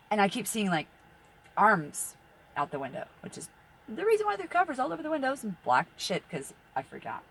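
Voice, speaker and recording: A woman's voice: low-pitched, sing-song, fast, breathy edge. A middle-aged woman who reads tarot, talking in a rambling, blunt, profane monologue and laughing through her stories. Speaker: tarot reader.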